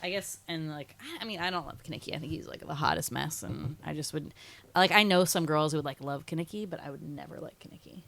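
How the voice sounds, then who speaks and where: A woman's voice: sits low, fast, creaky, fairly bright tone. A young woman co-hosting a podcast, chatting casually and bubbly with lots of "like". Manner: bubbly, says "like" a lot, quotes film lines in put-on voices. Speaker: podcast co-host. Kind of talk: casual chat.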